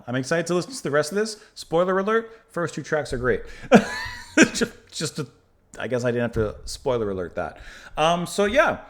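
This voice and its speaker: A man hosting a music reaction channel, chatting casually and rambling, often laughing at himself. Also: on the high side. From United States. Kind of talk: casual chat.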